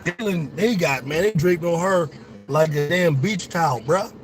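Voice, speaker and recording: Excitable man calling a game live. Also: a little high, moderate pace. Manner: excitable, profane, talks straight to viewers. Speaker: sports show host. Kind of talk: casual live watch-along commentary.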